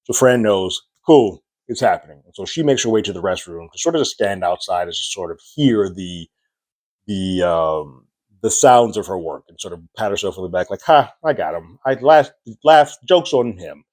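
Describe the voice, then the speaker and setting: A podcast reviewer recaps a TV episode in loose, chatty storytelling, jumping into a raised voice to act out characters' lines. His voice is low-pitched, expressive and darkish, at a moderate pace, with no room sound.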